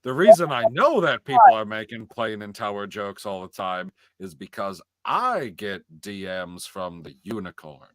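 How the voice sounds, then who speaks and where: Lively, argumentative man podcast co-host. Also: lowish voice, normal speed, few pauses, dry recording, studio quality. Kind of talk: casual chat.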